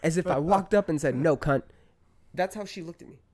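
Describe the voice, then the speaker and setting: A man's voice: quick pace, darkish tone. Worked-up swearing man telling a story. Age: 30s. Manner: heated storytelling, swearing, rising pitch when worked up. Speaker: podcast guest. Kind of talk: casual podcast chat.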